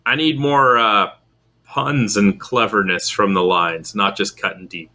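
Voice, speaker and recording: A man co-hosting a film podcast, casually arguing his opinions with lively shifts in tone. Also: unhurried. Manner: opinionated, lively pitch swings, argues his points. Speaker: podcast co-host. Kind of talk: casual film review chat.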